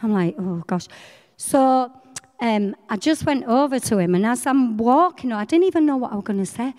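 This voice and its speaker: A middle-aged woman, telling her faith story in a chatty, animated way. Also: fairly high pitch, normal speed, in a large hall. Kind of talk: personal faith testimony.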